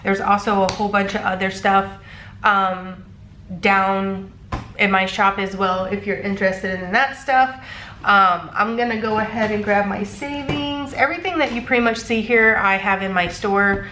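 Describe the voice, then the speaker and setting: A woman's voice: mid-range voice, normal speed, bright, forceful tone, roomy sound, a little hiss or hum. A congested woman casually talking through her weekly cash budget, counting bills aloud with frequent ums. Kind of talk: casual chat.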